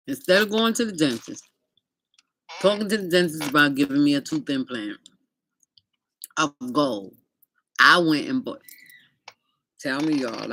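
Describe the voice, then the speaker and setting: A woman's voice: deep voice, pushed and bright, slight background noise. A middle-aged woman vlogger telling a casual story, chatty and speaking straight to her viewers, sometimes eating as she talks.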